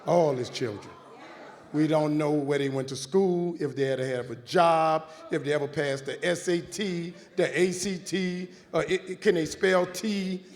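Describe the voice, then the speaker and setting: A man moderating a screening Q&A in a large hall, speaking in a steady, preacherly cadence. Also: fairly high pitch, measured pace, slight background noise. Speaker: panel moderator. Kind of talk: hosting a screening Q&A. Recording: reverberant hall.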